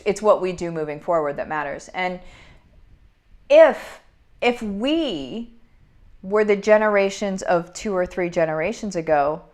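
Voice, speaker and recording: A woman, hosting a casual livestream from home and warmly greeting viewers by name. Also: fairly low pitch. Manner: upbeat, greets viewers by name, talks to her dog. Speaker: business coach hosting a livestream. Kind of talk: casual livestream chat reading comments.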